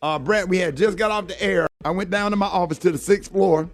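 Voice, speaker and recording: A man's voice: high-pitched, brisk, background noise. A middle-aged man hosting a morning radio show, telling a heartfelt story in an earnest way and saying "man" often. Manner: earnest, heartfelt, fills talk with "man" and "you know".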